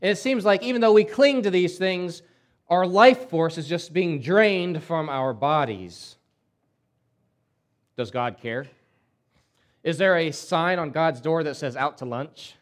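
Storytelling male preacher, slightly high voice. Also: measured pace, long pauses. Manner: conversational storytelling with restarts. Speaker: pastor. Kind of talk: sermon.

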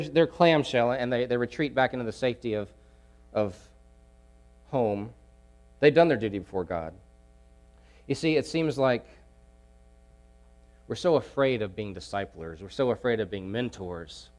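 A man preaching a sermon, emphatic, repeating key phrases and swinging between loud pushes and hushed asides. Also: medium pitch.

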